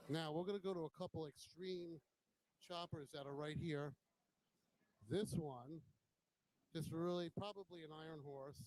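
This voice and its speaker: A motovlog host walks a bike show with a handheld camera, offering casual, admiring commentary on each bike and swearing bluntly now and then. His voice is a little high and darkish in tone, unhurried with long pauses, on a rough recording.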